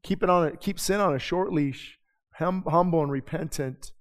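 A male pastor delivers a sermon in a loose, conversational style, throwing out rhetorical questions and quick asides. His voice is a little high for a man, and a long church-sanctuary reverb trails the sound.

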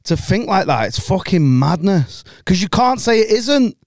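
A man's voice: sits high, big pitch swings, normal speed, a little mellow. A man from England co-hosting a podcast, bantering and joking in casual chat, swearing freely. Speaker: podcast co-host.

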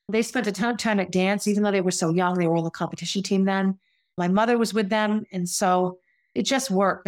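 A woman telling her own story in a candid, conversational way, reflective and confessional, often restarting her sentences. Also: on the low side. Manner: conversational, with frequent restarts and asides.

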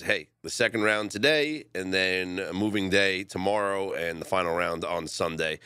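A man's voice: fairly low pitch, clean tone, no echo, studio quality. A man hosting a sports betting talk show, chatting casually and animatedly with his co-hosts. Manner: animated, laughs often, rising excitement.

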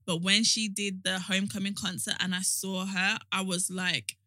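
A woman's voice: medium pitch, flat delivery, moderate pace, sharp tone, no echo, clean studio sound. A woman in casual chat, talking in a reflective, thoughtful way.

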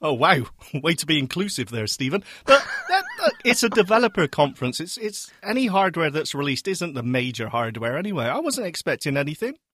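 A man's voice: fairly high pitch, sing-song, fairly quick, few pauses, fairly bright tone, a little hiss or hum. A man from England co-hosting a casual tech podcast, teasing and playful in banter. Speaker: podcast co-host.

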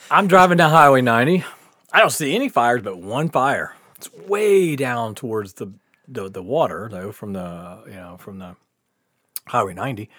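A podcast guest tells a long, funny story in a casual, animated way, laughing often, swearing a lot, and acting out what people said. His medium-pitched voice moves at a moderate pace, and the recording is clean studio sound with no room sound.

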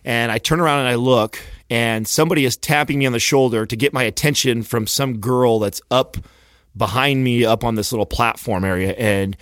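A man's voice: mid-range voice, brisk, smooth, no echo, studio quality. A man in casual chat, telling a long profane story and acting out the quotes with lots of energy. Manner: animated, profane, acts out quotes.

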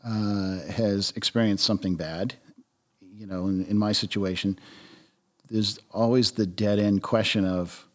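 A man as a podcast guest, talking reflectively with frequent restarts and soft trailing phrases. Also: on the low side, steady tone, unhurried. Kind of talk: conversational interview.

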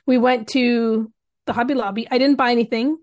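A Canadian woman co-hosting a podcast, chatting casually and telling stories in an animated way. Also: on the high side, brisk, no room sound, muffled recording. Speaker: podcast co-host. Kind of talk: casual chat.

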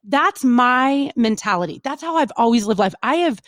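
Chatty, animated radio woman, higher voice. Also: normal speed, no echo. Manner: animated, chatty, lots of fillers and quoted asides. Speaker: radio personality and guest. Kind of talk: casual interview storytelling.

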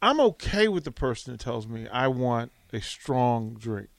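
A man's voice: medium pitch, very animated, unhurried, creaky, no room sound. A man co-hosting a radio talk show who gives his opinions in a firm, matter-of-fact way. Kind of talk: casual radio chat.

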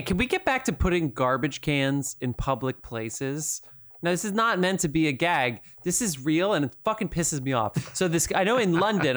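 Man, podcast co-host, casual chat, swearing, animated ranting. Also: smooth. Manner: profane, animated ranting with sudden pitch jumps.

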